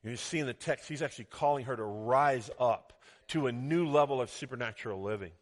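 A middle-aged man preaching a sermon, reading scripture dramatically and swinging between loud exclamations and soft asides. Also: mid-range voice, a little fast. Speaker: pastor. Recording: long hall reverb.

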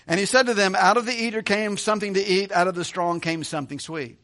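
High-voiced man teaching a Bible passage. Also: fairly even intonation, quick pace, pushed and bright. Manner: conversational, joking asides, chuckles often. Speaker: pastor.

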